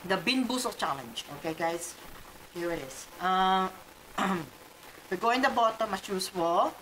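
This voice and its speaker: Bright-voiced Filipino woman vlogger. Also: medium pitch, expressive, a little slow, roomy sound, a little hiss or hum, low-quality recording. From Philippines. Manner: chatty, hesitant, fillers and Tagalog code-switching. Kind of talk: casual shout-out vlog.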